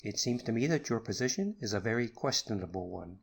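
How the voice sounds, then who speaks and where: A man's voice: lively intonation, a little fast, vocal fry, husky, full character voice. A man voicing an irascible elderly professor in an audiobook, stiff, cold and suspicious. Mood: stern. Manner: stiff and haughty, rising to high screaming rage. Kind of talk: audiobook character reading.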